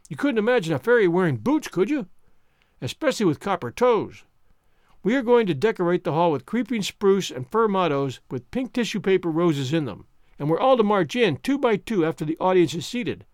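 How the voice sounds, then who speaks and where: A man voicing a chatty, dreamy, excitable orphan girl in a storybook reading, speaking in a gushing, romantic way. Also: high voice, dry recording, studio quality.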